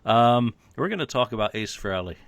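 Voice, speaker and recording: A man's voice: medium pitch, lively intonation, moderate pace, creaky, no echo, clean studio sound. A man hosting a casual podcast chat, leading the topic with some hesitant fillers. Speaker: podcast host.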